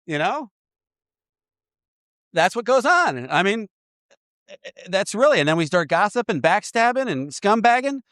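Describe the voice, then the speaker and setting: Animated, laughing man teaching recovery steps. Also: high-pitched, a little slow, long pauses, no room sound, studio quality. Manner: animated, laughs often, acts out voices. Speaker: AA sponsor guiding a step inventory. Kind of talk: casual teaching talk.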